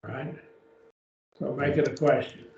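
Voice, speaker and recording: A man's voice: mid-range voice, fairly even intonation, unhurried, gravelly, a little mellow, a little hiss or hum. A man teaching a beginners' Greek class, patiently explaining step by step and often checking with "okay?", recorded from a distance. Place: church classroom. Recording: echoey room, distant mic, dull lo-fi.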